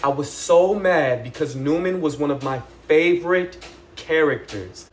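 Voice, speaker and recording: A young man recapping a TV episode in a casual, excitable, chatty way, full of "like" and "y'all". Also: on the high side, measured pace. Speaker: TV recap vlogger.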